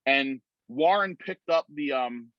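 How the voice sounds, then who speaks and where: A man telling an animated story on a video call, acting out the voices of other people. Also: medium pitch, slow pace, no room sound. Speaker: guest. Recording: dry muffled video-call audio.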